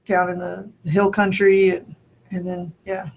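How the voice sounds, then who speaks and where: A man's voice: high-pitched, completely flat delivery, measured pace, gravelly, a little hiss or hum. A man from New Mexico in casual chat, thinking aloud and restarting his sentences, with the odd laugh. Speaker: conversation partner.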